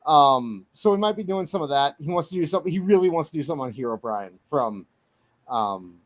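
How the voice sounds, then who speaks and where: A man chatting as a livestream panelist, rambling and halting but easygoing. His voice is fairly high for a man. The recording is dry and close to the mic. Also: expressive, dry recording. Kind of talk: casual livestream chat.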